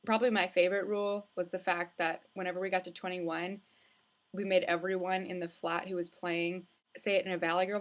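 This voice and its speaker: A young woman vlogging from home, telling a casual, rambling story full of likes and restarts. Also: fairly low pitch. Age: young adult. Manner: chatty, rambling, with many filler likes and restarts. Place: indoors at home, with hood up.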